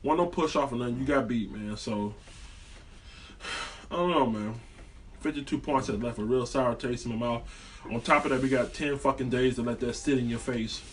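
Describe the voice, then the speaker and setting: A man's voice: medium pitch, moderate pace, far from the mic, slight background noise. A man delivering a heated, profane, rambling sports rant as a fan vlogger.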